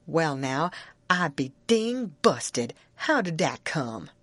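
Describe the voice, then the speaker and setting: A woman's voice: deep voice, very animated, slow pace, fairly bright tone, dry recording, exaggerated voice. A woman voicing a stubborn, argumentative grown runaway man in a heavy rural Southern dialect, in an audiobook. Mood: puzzled, stubborn. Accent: Southern American.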